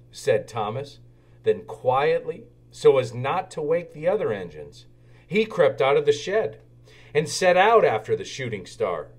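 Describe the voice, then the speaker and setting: A man reading a children's storybook aloud, with expressive, animated narration. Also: mid-range voice, a little slow. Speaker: children's book reader.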